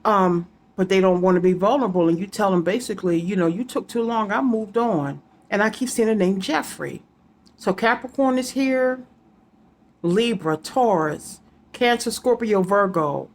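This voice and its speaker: A woman's voice: medium pitch, normal speed. A woman giving a casual psychic reading to her viewers, rambling and repeating names and letters aloud as she goes. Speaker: psychic reader.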